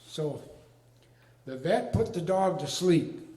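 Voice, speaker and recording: An older man telling a comic story on stage in a folksy, deadpan drawl. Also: a little high, slow pace. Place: arts venue stage with a live audience. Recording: echoey hall with long reverb.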